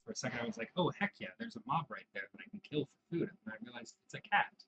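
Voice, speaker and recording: Sleepy young man with a gravelly voice. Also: on the high side, sing-song, racing, noisy background. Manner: chatty and self-deprecating, slipping into whispers. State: sleepy, yawning. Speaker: gaming video creator. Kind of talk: casual gameplay commentary.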